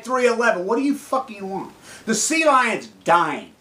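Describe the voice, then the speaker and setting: A man delivering an angry, profane monologue, fiercely indignant and at times shouting. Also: sits high, very animated, moderate pace, low-quality recording.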